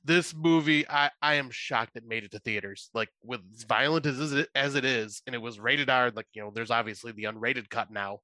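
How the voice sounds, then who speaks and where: A man co-hosting a podcast, telling animated stories and acting out quotes in casual chat. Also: medium pitch, fairly quick, few pauses, no room sound. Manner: animated storytelling, acts out quotes. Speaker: podcast co-host.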